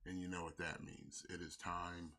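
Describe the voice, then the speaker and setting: Male toy show host, very low gravelly voice, hamming up a sultry tone. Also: flat delivery, moderate pace, pushed and bright. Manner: playful put-on low sultry voice, innuendo. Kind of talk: casual comedic chat.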